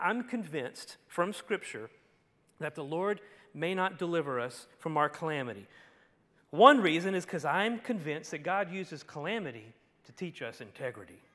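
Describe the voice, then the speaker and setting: High-voiced pastor preaching in a reverberant hall. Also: male voice. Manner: dynamic storytelling, swinging from hushed to shouting. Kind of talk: expository sermon.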